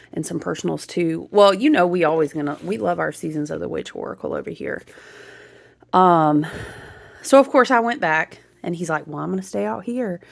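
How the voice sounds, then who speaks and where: A woman speaks in a low, gravelly voice with lots of vocal fry. She tells a story in a chatty, animated way, like a casual vlog. She keeps checking in with her listeners as she goes. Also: no room sound. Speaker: spiritual content creator.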